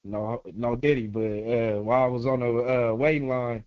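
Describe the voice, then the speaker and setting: A man's voice: mid-range voice, little pitch movement, moderate pace, dry recording. A male caller chatting casually and laid-back in slang, laughing often. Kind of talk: casual call-in chat. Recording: dull lo-fi call audio.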